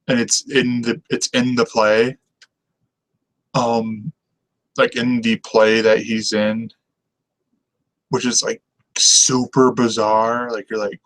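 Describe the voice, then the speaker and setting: A man hosting a TV review show, chatting casually to camera. He rambles enthusiastically, circling back on his own thoughts and laughing often. His pitch sits in a plain, everyday male middle range. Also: fairly bright tone, low-quality recording.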